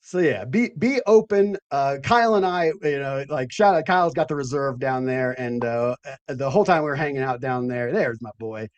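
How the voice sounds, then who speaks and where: A man's voice: mid-range voice, moderate pace, muffled recording. A man hosting a casual late-night chat, profane and rambling. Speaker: host.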